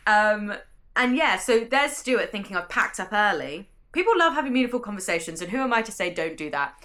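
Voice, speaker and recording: A woman's voice: fairly high pitch, animated, a little fast, a bit bright, slight background noise. A young British woman vlogging casually about her work week as a bookseller, chatty and enthusiastic, her sentences running on. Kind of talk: casual vlog narration. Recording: staticky audio.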